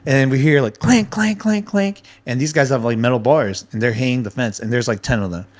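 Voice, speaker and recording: A man at an ordinary, mid-range pitch tells stories in a loose podcast chat. He is animated and swears freely, and he slips into the voices of the people in his stories as he goes. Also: a little fast. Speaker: podcast guest. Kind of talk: casual storytelling chat.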